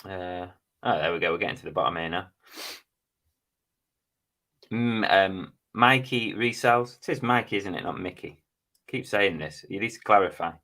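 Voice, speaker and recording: A man's voice: sits low, moderate pace, pauses often, sharp tone. A middle-aged man, hosting a casual live stream and chatting as he reads out viewers' names and comments. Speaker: live stream host reading chat.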